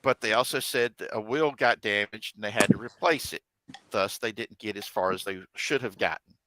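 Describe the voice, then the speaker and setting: A man narrating as game master of a tabletop game, halting and correcting himself as he goes. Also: lowish voice, noisy background. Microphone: desk mic on a live stream.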